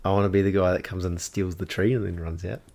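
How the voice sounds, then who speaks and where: A man's voice: low-pitched, steady tone, fast talker, creaky, darkish tone. A young man, co-hosting a casual podcast chat, laughing often and swearing casually. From New Zealand. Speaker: podcast co-host.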